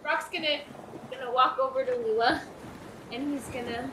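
A woman's voice: high-pitched, fairly even intonation, normal speed, pauses often. A woman playing a tabletop game, talking casually with lots of "like.". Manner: casual, hedging, "like" fillers. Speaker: player. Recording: echoey room with noticeable hiss.

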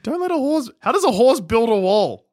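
A man's voice: very high voice, big pitch swings, moderate pace, darkish tone. A man co-hosting a podcast, making wry jokes in casual chat. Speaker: podcast co-host.

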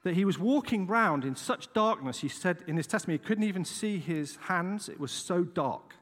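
A middle-aged English man preaches in a lively storytelling way, checking in with the listeners as he goes. His voice sits a bit high for a man and rises and falls widely. A long reverb trails his words through the church hall. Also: moderate pace. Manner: animated, dramatic storytelling with frequent "right?" asides. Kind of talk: storytelling sermon.

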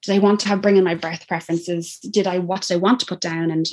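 An Irish woman in her thirties, talking in a lowish voice as a podcast guest. She tells her story in an animated, casual way, slipping into the voices of the people she quotes. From Ireland. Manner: animated, acts out quoted speech, quick laughs. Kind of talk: personal birth story, casual chat.

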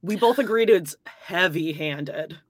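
A woman co-hosting a podcast over a video call, leading the topics in a steady, wry casual chat while coming down with a cold. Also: lowish voice, takes it slowly, no room sound, studio quality. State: coming down with a cold, clearing throat. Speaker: podcast co-host.

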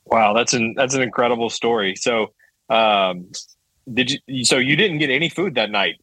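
A man's voice: mid-range voice, moderate pace, sharp tone, dry recording, poor audio. A man hosting a podcast, eagerly asking his guest follow-up questions in casual chat. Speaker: podcast host.

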